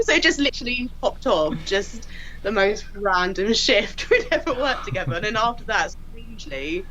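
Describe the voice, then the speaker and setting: A woman tells work stories in a bright, animated way, jumping into other people's voices. Her pitch sits in a middle range. The podcast audio sounds a little dull. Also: normal speed. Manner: lively, laughing storyteller who acts out quotes. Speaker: crime scene investigator guest. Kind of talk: casual anecdote telling.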